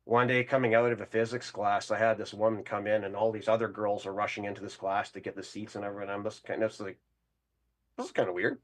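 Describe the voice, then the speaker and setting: This Canadian caller, from Winnipeg, talks fast in a fairly low, flat voice with little pitch movement. He rambles through a crude, boastful story for the show, laughing along as he goes.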